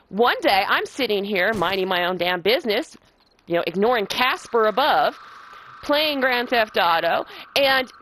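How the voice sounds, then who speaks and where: A woman's voice: high voice, no echo, low-quality recording. A young woman telling her own ghost story in a casual, profane way, full of laughter, from a house in the countryside. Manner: animated and profane, with frequent laughs. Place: rural house.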